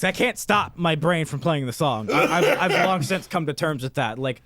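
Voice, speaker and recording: This is a man in his late thirties who talks a little higher than most men. He tells a story with plenty of swearing and mocks himself, often laughing as he speaks. It is loose, casual podcast chat. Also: normal speed, few pauses, fairly bright tone, dry recording. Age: late 30s. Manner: profane, self-mocking storyteller who laughs while talking. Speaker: podcast co-host.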